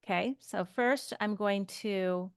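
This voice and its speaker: A woman's voice: mid-range voice, slow pace, smooth, no echo, studio quality. A woman teaching English grammar, explaining patiently step by step with example sentences. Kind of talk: slow grammar lesson.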